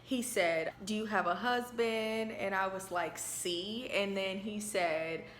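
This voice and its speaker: A woman vlogging from her apartment, telling a lively story to her viewers and calling them y'all, close to the camera. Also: medium pitch, takes it slowly, roomy sound, background noise. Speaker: lifestyle vlogger. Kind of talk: chatty story-time vlog. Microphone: camera held close to face.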